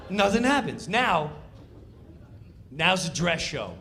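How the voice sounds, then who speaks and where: A man telling a comedic story, acting out voices and countdowns in an animated way. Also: on the high side, unhurried, a crowd in the background.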